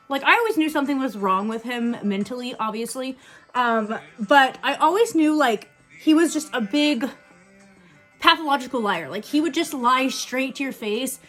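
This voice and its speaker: A young woman with a fairly high voice chats candidly through a makeup tutorial, rattling off quick asides. Faint music plays underneath her voice. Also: fairly bright tone. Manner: candid, blunt and profane. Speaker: beauty vlogger. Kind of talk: casual get-ready-with-me storytime.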